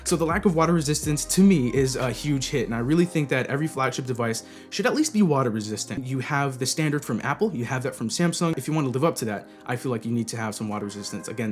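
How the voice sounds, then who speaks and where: Male tech vlogger, slightly high voice, animated opinionated delivery, faint background music. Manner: animated, opinionated, laughs and restarts often. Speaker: tech reviewer. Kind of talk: casual tech rant vlog.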